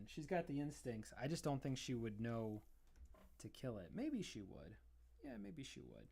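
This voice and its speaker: A man's voice: medium pitch, animated, unhurried, creaky, darkish tone. A man live-streaming his drawing, rambling casually and chatting fondly to his cat between remarks about the work.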